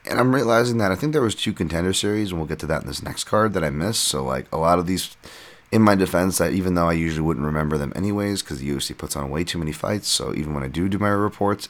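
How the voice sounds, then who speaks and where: Gravelly, very deep-voiced man. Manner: rambling and self-deprecating, full of asides. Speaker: podcast host and fight analyst. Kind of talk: casual solo podcast breakdown.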